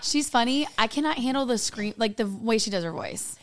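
A woman co-hosting a podcast, blunt and quick to react, laughing often in casual chat. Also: a little high, a bit bright, slight background noise. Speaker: podcast co-host.

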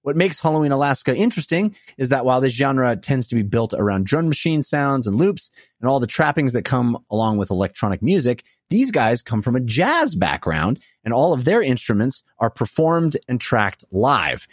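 A man's voice: mid-range voice, very animated, moderate pace, no room sound, studio quality. A man hosting a casual podcast, talking loosely with frequent "uh" fillers. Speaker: podcast host.

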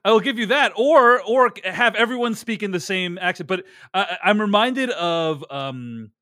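A man's voice: high-pitched, lively intonation, normal speed, sharp tone, dry recording, clean studio sound. A man co-hosting a film podcast, reasoning aloud in casual review chat, hedging and conceding points as he goes.

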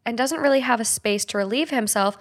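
A woman's voice: on the high side, fairly quick. A woman in her twenties hosting a podcast in casual chat, laughing often and reading stories and ads aloud. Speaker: podcast host.

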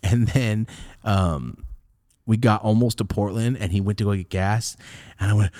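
A young man hosting a podcast, telling a personal story in casual chat, animated, jumping from loud high bursts to low mutters. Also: normal speed, no room sound, clean studio sound. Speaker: podcast host.

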